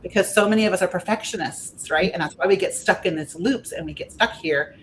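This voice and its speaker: A woman guesting as a spiritual life coach on a podcast, talking in a gentle, earnest, reflective way. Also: on the low side, brisk, slight background noise. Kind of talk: podcast conversation.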